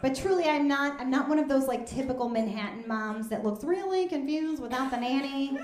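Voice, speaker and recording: A woman in her thirties doing stand-up on stage, with a deadpan, chatty delivery. The room is echoey, and loud audience noise sits behind her. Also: sits high, fairly quick. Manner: deadpan, conversational, drops into asides. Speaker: stand-up comedian. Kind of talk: stand-up comedy set. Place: stage at a live comedy fundraiser.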